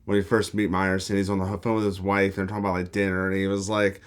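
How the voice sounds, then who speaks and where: A man co-hosting a film podcast, talking casually in a halting way, full of fillers and restarts. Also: low voice, little pitch movement, clean tone. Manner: halting, self-correcting, filler-heavy. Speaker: podcast co-host.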